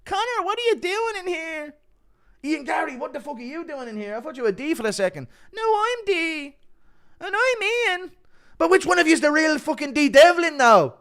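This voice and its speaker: A man voicing rowdy young male fighters, in very high, shouty voices. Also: sing-song, normal speed, heavily acted. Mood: rowdy banter. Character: excited young male fighters with Irish and English accents.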